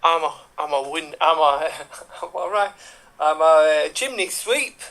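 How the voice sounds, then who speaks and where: A man's voice: a little high, expressive, unhurried, fairly bright tone, slight background noise. A man voicing a blunt working-class chimney sweep in an improv comedy, a little flustered.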